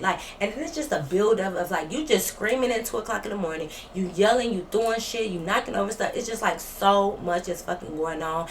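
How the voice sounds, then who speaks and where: A woman's voice: medium pitch, a little fast, hardly any pauses, slight background noise. Blunt, profane young woman telling a story. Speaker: vlogger. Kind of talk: casual storytime.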